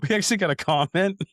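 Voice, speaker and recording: A man's voice: high-pitched, fairly bright tone, no echo, clean studio sound. A man in his thirties co-hosting a casual podcast, talking in a profane, rambling way and calling everyone "dude". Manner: profane, rambling storyteller, calls listeners "dude". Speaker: podcast co-host.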